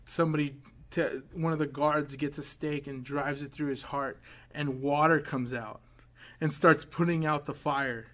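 A man preaching a sermon, telling a story dramatically, dropping to hushed quoted words and rising to loud build-ups. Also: fairly high pitch, steady tone, unhurried.

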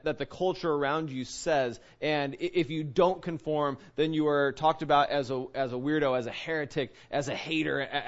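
A man giving a conversational Bible teaching, earnest, often checking in with his listeners and restarting his words. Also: on the high side. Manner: earnest, keeps asking "right?", restarts words. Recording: dull lo-fi recording.

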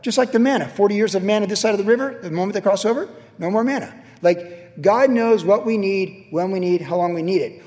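A high-pitched man preaches from the pulpit, spinning personal stories and leaping up and down in pitch and loudness as he makes his points. His voice rings out with a long reverb, as in a large church sanctuary. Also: fairly quick. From California. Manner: animated storytelling with sudden jumps in pitch and volume. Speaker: pastor. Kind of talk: sermon.

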